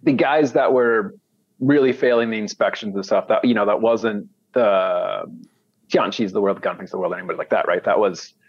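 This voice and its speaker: A man's voice: lowish voice, brisk, husky, dry recording. An American man talking casually as an interview guest, rambling with many restarts. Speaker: guest, commodity trader. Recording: dull, dry sound.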